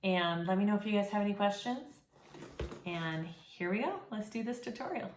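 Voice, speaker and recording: A woman's voice: medium pitch, moderate pace, a little hiss or hum. A woman hosting a sewing tutorial, talking casually and encouragingly with frequent fillers. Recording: echoey room.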